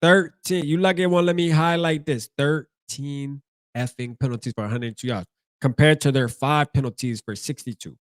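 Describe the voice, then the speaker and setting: A man's voice: on the high side, steady tone, moderate pace, no room sound, clean studio sound. A man hosting a fan postgame show, ranting casually with slang and lots of repeats and restarts.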